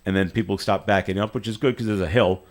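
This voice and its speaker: A man with a fairly low voice hosts a radio show, spinning a loose, animated anecdote in a relaxed on-air chat. He trips over his own sentences and restarts them as he goes, unscripted throughout. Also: fast talker. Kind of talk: casual on-air storytelling. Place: radio studio.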